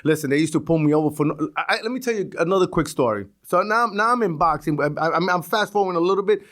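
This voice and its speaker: A man's voice: a little high, lively intonation, very fast, fairly bright tone. A middle-aged man, a retired police sergeant telling street stories in a casual, profane way, often restarting his words. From East New York, Brooklyn. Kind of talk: casual storytelling.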